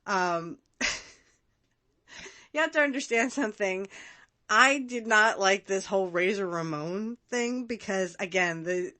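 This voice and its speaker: A woman's voice: medium pitch, unhurried, long pauses, pushed and bright. A woman hosting a casual watch-along podcast, chatty and rambling, often breaking into laughs. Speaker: podcast host.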